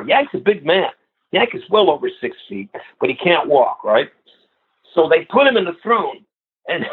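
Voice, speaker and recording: A man in his sixties from the New York area, with a fairly high, husky voice. He tells lively anecdotes as an interview guest and acts out the voices of the people in them. The sound is thin and narrow, like a phone line. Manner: animated anecdotal storyteller who acts out other people's lines. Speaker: guest musician. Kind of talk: storytelling interview.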